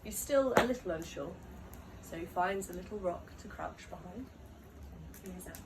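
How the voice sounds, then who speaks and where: A woman telling a story aloud at a live gathering, unhurried and often laughing mid-sentence, in a live recording from a distance. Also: on the low side, expressive, very noisy.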